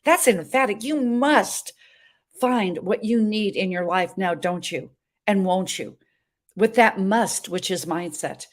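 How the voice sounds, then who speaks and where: A woman's voice: medium pitch, measured pace. A woman in her seventies hosting a talk show, telling a story in an emphatic, dramatic way from a hotel room. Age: 70s. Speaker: show host.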